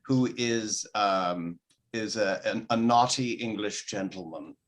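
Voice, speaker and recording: A man, a comedian guest, chatting in an interview in a halting way, full of ums and uhs, and laughing easily. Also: on the low side. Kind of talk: casual interview chat.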